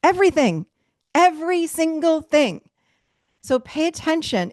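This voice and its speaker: Middle-aged woman on a video call, lively storyteller, slightly high voice, dry close sound. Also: normal speed, dry recording. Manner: animated storytelling, acts out quotes with laughs. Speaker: speaker leading a virtual workshop. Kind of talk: casual talk to a group. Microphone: video call mic.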